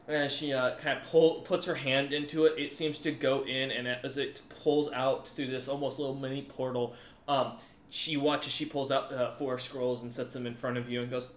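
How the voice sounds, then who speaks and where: A man's voice: mid-range voice, steady tone, normal speed, reverberant. A man narrating a tabletop game as game master, loose and full of ums.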